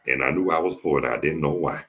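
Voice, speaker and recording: Very deep-voiced Southern man, joking. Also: quick pace, a bit bright. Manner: joking storyteller, repeats and restarts phrases. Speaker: podcast host. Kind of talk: casual chat.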